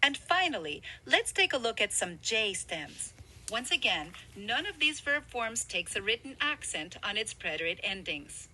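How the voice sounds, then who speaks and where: A woman narrates a scripted language lesson in a clear, explanatory way. Her voice is very bright and sits a little high. Her pitch moves around a lot as she stresses key points. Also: very animated, normal speed, a little hiss or hum, rough recording. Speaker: language instructor.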